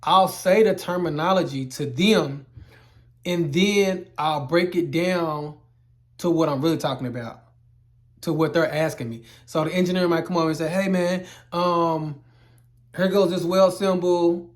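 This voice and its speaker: A man's voice: a little high, steady tone, unhurried. A man teaching welding terms in a casual explainer video, loose and rambling, repeating himself, with playful exaggerated asides. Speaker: welding instructor.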